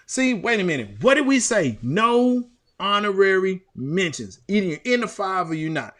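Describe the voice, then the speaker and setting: A man co-hosting a casual sports talk show, animated and repeating himself, with big swings in pitch. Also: normal speed, a little hiss or hum. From Houston, Texas. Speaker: co-host.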